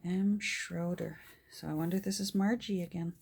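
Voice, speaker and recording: An older woman with a fairly low, breathy voice and vocal fry presents thrift finds at normal speed in fairly even intonation. She's delighted throughout, often dropping to soft whispers and gasps in this casual show-and-tell.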